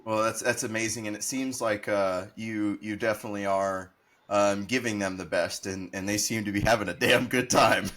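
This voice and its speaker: A man's voice: fairly low pitch, fairly even intonation, normal speed, fairly bright tone. Easygoing enthusiastic male co-host. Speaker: podcast co-host. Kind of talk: casual interview chat.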